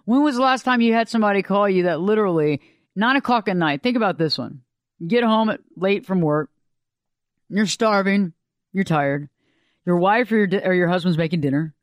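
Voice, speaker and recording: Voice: medium pitch, brisk, no room sound. A radio talk show host, delivering a folksy, conversational monologue.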